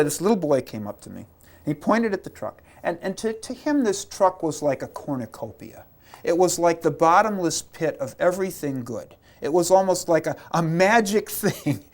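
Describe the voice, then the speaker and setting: An army chaplain with a mid-range voice tells war stories in an interview, animated and repeating words as he acts out quotes.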